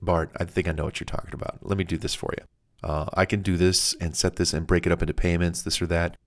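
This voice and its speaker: Man playing a friendly, grateful phone agent: deep, soft-spoken, polite. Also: little pitch movement, quick pace. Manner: polite, appreciative, soothing. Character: friendly, helpful customer-service agent.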